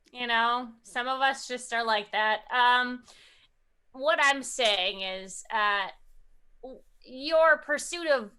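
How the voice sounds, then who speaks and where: A woman's voice: fairly high pitch, bright, forceful tone, clear, resonant tone. A woman playing a tabletop game, speaking hesitantly with lots of fillers. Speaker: player. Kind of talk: casual game chat.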